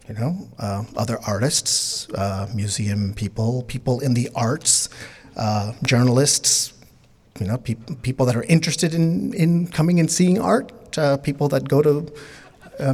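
Animated man telling a personal story. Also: mid-range voice. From born in Bangladesh, raised in New York City. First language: not English. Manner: animated, acts out dialogue, many restarts. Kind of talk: casual spoken storytelling.

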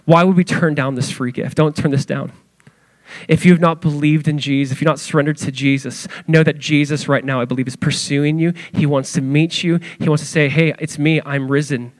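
A male pastor preaching an animated sermon to his church, acting out quoted voices as he goes. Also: on the high side, fairly quick, dry recording.

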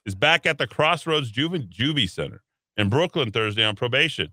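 A man's voice: medium pitch, expressive, moderate pace, pushed and bright, no room sound. A man hosting a talk radio show, reading news items and adding sarcastic asides in a casual way. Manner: reads headlines then adds sarcastic asides.

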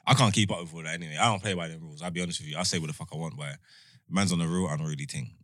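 A man's voice: low voice, very fast, a bit bright, no echo, clean studio sound. A young man, chatting in slangy, rambling banter and laughing often. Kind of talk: casual banter.

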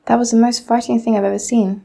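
A crafty, bossy male cat from a storybook, quick to give orders and full of schemes, as a teenage girl reads him. The voice is dark and mellow with a gravelly edge. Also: a little high, fairly even intonation. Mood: sly.

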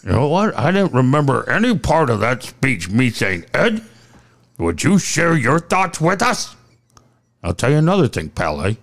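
Man putting on a gravelly, cussing old football exec, gruff and needling, pitch jumping around. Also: very animated, normal speed. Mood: needling, belligerent. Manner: belligerent, needling, swearing. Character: gruff, profane older male football executive.

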